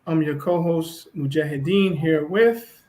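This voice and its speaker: Male online show co-host, somewhat high-pitched, relaxed and casual. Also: measured pace. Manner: relaxed, easygoing, many fillers.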